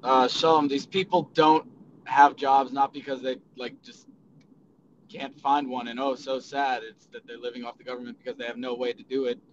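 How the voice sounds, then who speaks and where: Give me a blunt, rambling man with a mid-pitched voice on a dull, lo-fi call. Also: level tone, moderate pace, a little hiss or hum. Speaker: class participant. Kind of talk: giving his view in a class discussion.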